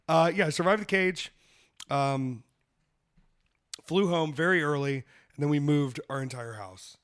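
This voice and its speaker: A man hosting a podcast, chatting casually with campy, bawdy jokes. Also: mid-range voice. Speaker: podcast host. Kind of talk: casual chat.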